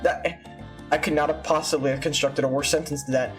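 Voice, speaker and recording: A let's-play host talking casually and crudely over gameplay, self-mocking and quick to laugh. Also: medium pitch, steady tone, soft background music. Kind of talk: gaming commentary.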